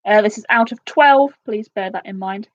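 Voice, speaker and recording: A woman in her twenties hosting a casual live quiz, chatty and excitable, with quick asides. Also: mid-range voice, highs cut off. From United Kingdom. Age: 20s. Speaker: quiz host.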